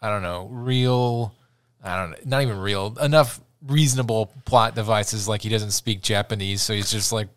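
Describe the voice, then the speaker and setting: A man's voice: fairly low pitch, moderate pace, dry recording, studio quality. A man co-hosting a casual podcast, talking hesitantly and restarting as he works out his thoughts. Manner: hesitant, many fillers and restarts while thinking aloud. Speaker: podcast co-host. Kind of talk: casual chat.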